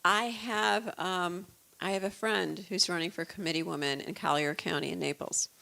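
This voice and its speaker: A guest author in her fifties from the Chicago suburbs in the United States tells stories casually in a lowish, gravelly voice with a sharp tone, fairly even intonation and a moderate pace. She's chatty and earnest and sounds like a proud mother.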